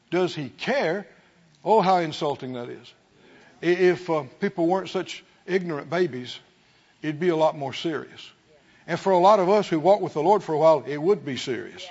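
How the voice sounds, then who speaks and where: A man preaching a fervent sermon to his church, swinging from quiet asides to shouted praise. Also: on the high side, highs cut off. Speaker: pastor.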